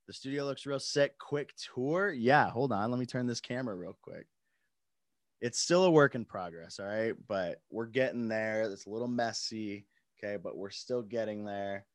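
A man's voice: fairly low pitch, moderate pace, dry recording. A young man hosting a casual live stream from his home studio, laid-back, laughing often and swearing freely. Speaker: podcast host.

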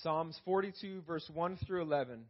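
A man preaching a sermon in church, calling out to the congregation and slowing down to read scripture aloud. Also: fairly high pitch, highs cut off. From Canada. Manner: preaching with call-outs to the congregation. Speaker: pastor.

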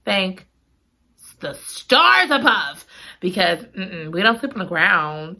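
A woman's voice: fairly low pitch, sing-song, takes it slowly, bright, forceful tone. A woman reviewing a romance novel in a casual, dramatic and gushing way. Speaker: book reviewer. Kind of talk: casual chat.

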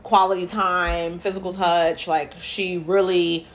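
A woman's voice: lowish voice, little pitch movement, measured pace. Chatty woman in casual talk. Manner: rambling, heavy use of "like", acts out quoted voices. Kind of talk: casual chat.

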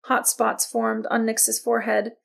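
A woman narrating a novel as an audiobook, reading in a steady, even storytelling manner. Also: a little high, a little slow, creaky. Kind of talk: scripted narration.

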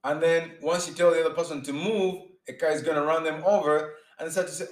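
A man's voice: on the high side, a little fast, few pauses. A man preaching informally, earnest and emphatic, often restarting his sentences and acting out his examples. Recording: roomy echo.

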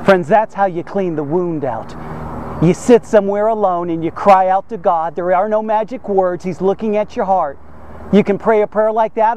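A man's voice: sits high, a little mellow. A man preaching a devotional sermon as the host of his podcast, talking emphatically and addressing his listeners directly.

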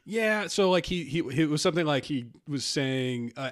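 A man on a comedy podcast co-hosts with casual, meandering talk, frequent laughs, and quotes delivered in put-on voices. His voice is a little high and fast, with few pauses.

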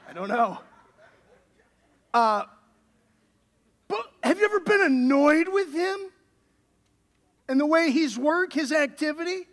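A man's voice: extremely high pitch, very animated, unhurried, pauses often, a bit bright. A man, the pastor, preaching a sermon in a conversational way and building to emphatic questions.

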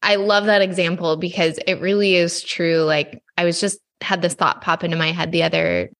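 A woman's voice: lowish voice, fairly even intonation, normal speed, a bit bright. A woman hosting a podcast interview, chatting casually and affirming her guest. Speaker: podcast host, business mentor.

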